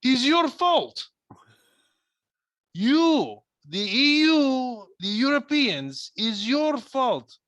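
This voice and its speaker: A man's voice: high-pitched, completely flat delivery, moderate pace, gravelly, hardly any pauses, fairly bright tone, no room sound, pitched above the performer's own voice. A man voicing a blustering male Russian sympathizer with a thick put-on Russian accent, scolding the listener. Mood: indignant. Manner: indignant, lecturing.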